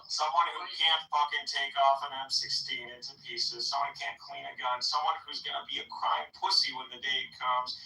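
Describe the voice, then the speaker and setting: A man's voice: mid-range voice, expressive, normal speed, creaky, hardly any pauses, sharp tone, reverberant, distant mic, rough recording. Aggressive, profane ranting man. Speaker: voice chat participant. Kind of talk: heated online voice chat.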